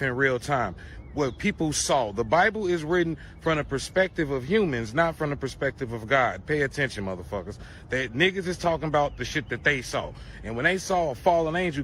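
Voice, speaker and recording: A man's voice: a little high, a bit bright, slight background noise. A man delivering a profane conspiracy rant to camera, preachy and crude, firing off rhetorical questions.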